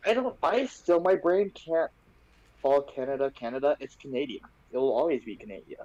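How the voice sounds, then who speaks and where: A man's voice: mid-range voice, animated, brisk, dark tone, no room sound, muffled recording. A man in casual stream chat, ranting in exasperation about a pet peeve.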